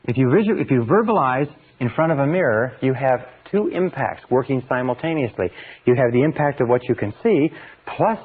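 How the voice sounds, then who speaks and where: An earnest man gives a self-help lecture, repeating phrases for emphasis and dropping his voice low and slow to model affirmations. His voice sits at an ordinary middle pitch. The sound is thin and tinny, like an old phone line. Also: lively intonation, slightly rough. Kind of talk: motivational lecture.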